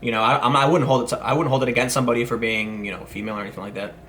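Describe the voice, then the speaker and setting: A man's voice: mid-range voice, steady tone, rapid-fire, fairly bright tone, a little hiss or hum. A man in his thirties hosting a casual commentary vlog, rambling with many restarts and asides. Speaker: commentary host.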